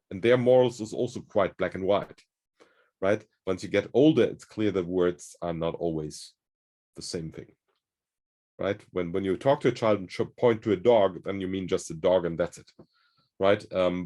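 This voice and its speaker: A man's voice: low voice, darkish tone. A man hosting a conversation, explaining ideas in a thoughtful, searching way. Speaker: host. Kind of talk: conversational discussion.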